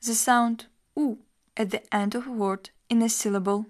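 A woman teacher reading a scripted lesson in an even, measured explanatory tone. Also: fairly high pitch. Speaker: language teacher.

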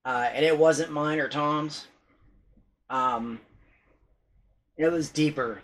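A man's voice: a little high, slow, long pauses, fairly bright tone, rough recording. A man vlogging casually about paranormal recordings, rambling and hesitant, with many restarts and some swearing. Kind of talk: casual vlog talk.

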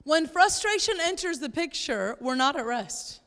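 A woman pastor preaching a sermon in church, lively and playful, sometimes acting out exasperated voices. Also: sits high, normal speed, long reverb tail. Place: church sanctuary.

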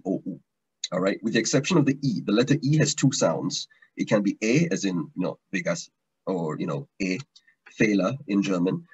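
Husky-voiced man teaching a lesson. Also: fairly low pitch, highs cut off. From Malaysia. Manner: explanatory, repeats words and restarts often. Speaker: language teacher. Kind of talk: online language lesson.

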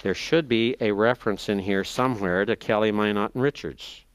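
A man in a seminary lecture, explaining texts step by step, slowing down to spell out terms and page numbers, thinking aloud as he checks his notes. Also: fairly low pitch, smooth, no echo. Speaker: seminary professor. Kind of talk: classroom lecture.

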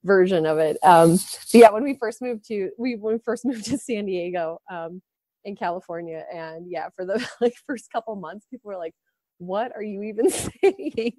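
A woman's voice: medium pitch, moderate pace, no room sound. Chatty laughing woman, faint Midwest accent. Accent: faint Upper Midwest. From Wisconsin. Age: young adult. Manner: laughs often, chatty, lively storyteller. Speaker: guest. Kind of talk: casual conversation.

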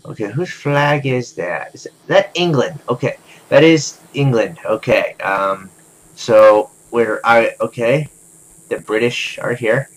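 A young man calmly commenting on his own gameplay, talking to himself with many "okay"s. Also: medium pitch, takes it slowly, a little hiss or hum, low-quality recording. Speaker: gaming video host. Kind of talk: let's play commentary.

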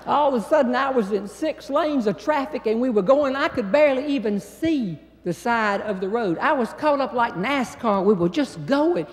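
An older woman with a North Carolina Southern accent, telling a comic story on stage in an animated, drawling way. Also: fairly high pitch, moderate pace, few pauses. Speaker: humorist. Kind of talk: stand-up storytelling. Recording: hall with long reverb.

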